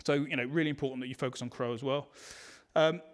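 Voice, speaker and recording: A man's voice: medium pitch, fairly even intonation, fast talker. Man presenting a webinar, chatty with restarts. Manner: conversational, many fillers and restarts. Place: online webinar.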